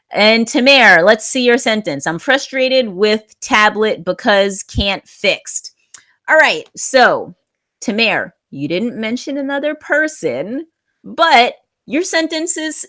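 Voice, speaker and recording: A woman teaches an online English class, reading students' sentences aloud and offering gentle corrections. She speaks slowly and deliberately, with a lively, rising and falling pitch. Her manner is patient and encouraging.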